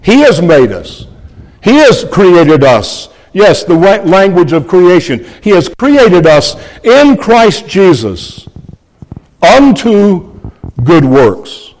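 A man's voice: sits high, sing-song, slow, darkish tone, long reverb tail. A man preaching an expository sermon, earnest and emphatic, repeating key phrases and addressing his listeners as friends.

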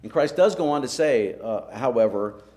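A male preacher delivers a sermon at a mid-range pitch. He speaks earnestly and presses each point with emphasis. He often checks in with the listeners through rhetorical questions. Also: animated, moderate pace, mellow.

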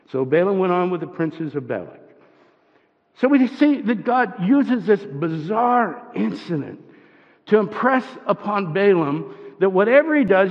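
A man with a fairly high voice preaches in a casual, conversational way, stopping to ask his listeners questions and restarting his sentences as he goes. The recording is muffled and dull, with a long echo from a large hall. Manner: conversational, asks the audience questions, restarts often. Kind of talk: sermon.

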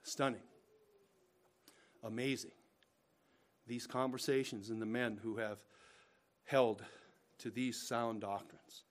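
A male pastor delivers a sermon with his voice at a middling pitch. He presses hard on key phrases, then drops to quiet, drawn-out asides. He keeps turning to the congregation with pointed rhetorical questions. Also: fairly even intonation. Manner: dramatic swings from loud emphatic bursts to hushed, slow asides; addresses listeners directly with rhetorical questions. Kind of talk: preaching a sermon.

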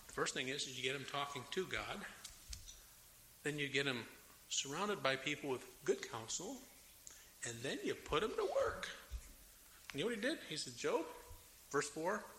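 A man preaching a sermon with a Southern American accent, animated and dramatic, raising his voice as he acts out the complaints of biblical figures. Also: a little high. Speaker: pastor. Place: church sanctuary. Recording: echoey hall with faint room noise.

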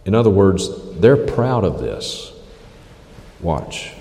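A man's voice: deep voice, big pitch swings, slow, creaky, mellow, slight background noise. A man preaching a critical sermon, emphatic and repeating phrases for stress. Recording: echoey hall reverb.

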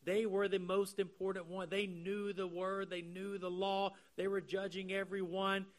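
A man preaching an expository sermon. He explains the text earnestly and slows down to stress key phrases. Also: sits high, little pitch movement. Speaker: pastor.

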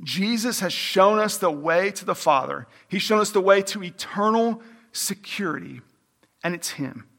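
A man with a high voice preaching a sermon, pressing hard on repeated phrases. His words ring out with the long reverb of a large hall. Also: animated, moderate pace, vocal fry, a bit bright. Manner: emphatic, repeats phrases for stress. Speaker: pastor.

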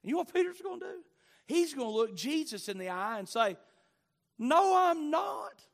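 A man's voice: extremely high pitch, big pitch swings, fast talker, creaky. A man reading scripture and then preaching a sermon, building his points with surging emphasis and sudden swells in volume.

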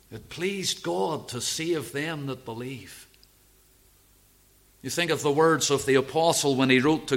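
A man preaching a sermon, expounding a Bible passage in a measured way and repeating key phrases for emphasis. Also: mid-range voice, a bit bright. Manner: slow, measured Bible exposition with emphatic repetition.

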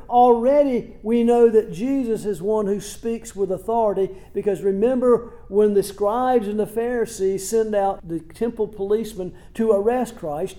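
A man's voice: sits high, warm tone. A man preaching a sermon in a plain, conversational way, asking rhetorical questions and retelling scripture in everyday words. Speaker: pastor. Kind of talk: expository sermon.

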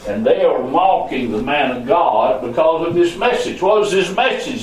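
A man's voice: animated, normal speed, few pauses. Fields: man preaching in an echoey hall. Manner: preaching with sharp swings between loud high calls and low murmurs. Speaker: pastor. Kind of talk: sermon. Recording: echoey room, voice from a distance.

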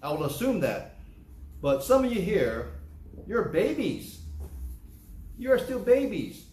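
In a church, an older male pastor preaches emphatically and repetitively, acting out the excuses church members give. His voice sits high and sing-song, with a slow pace, darkish tone and reverberant sound.

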